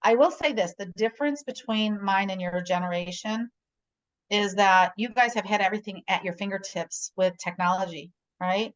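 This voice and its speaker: On a video call, a middle-aged realtor guest tells stories in an easygoing conversation, frequently adding "right?" to check in. She speaks in a mid-range voice at a moderate pace over lo-fi sound.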